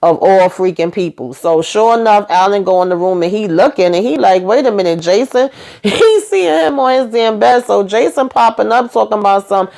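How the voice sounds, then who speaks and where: A woman at home retelling a TV episode in a casual, lively way. She acts out the characters' lines as she goes and turns to her viewers with chatty asides. Her voice sits at a middle pitch. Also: normal speed, vocal fry. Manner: animated retelling, acting out dialogue in quotes. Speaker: YouTube TV recap host.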